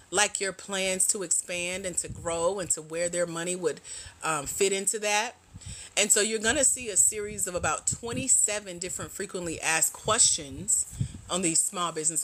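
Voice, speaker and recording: A woman hosting a casual livestream as a grant coach, animated and slangy, teasing her viewers and laughing often. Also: mid-range voice, a little hiss or hum, rough recording.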